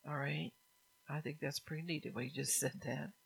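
A woman's voice: low voice, fairly even intonation, fairly quick, vocal fry, husky, poor audio. A woman preaching a sermon to her congregation, earnest and repetitive, with frequent laughs.

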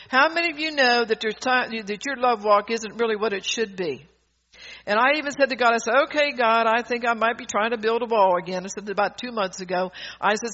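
A woman's voice: medium pitch, a bit bright. A woman preacher giving a fervent, emphatic sermon, often laughing mid-sentence and restarting her sentences. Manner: rambling with frequent restarts. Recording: dull lo-fi recording.

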